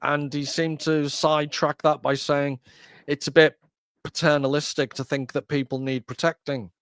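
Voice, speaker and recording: A man's voice: a little high, level tone, moderate pace, fairly bright tone, clear, resonant tone, dry recording, studio quality. A man hosting a podcast, chatting casually in a wry, joking, rambling way. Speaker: podcast host. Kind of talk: casual conversation.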